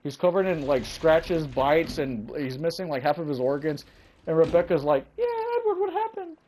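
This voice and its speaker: A young man casually commentating a video game playthrough, excitable, swearing and rambling. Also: a little high, moderate pace, noisy background. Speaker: let's play gamer.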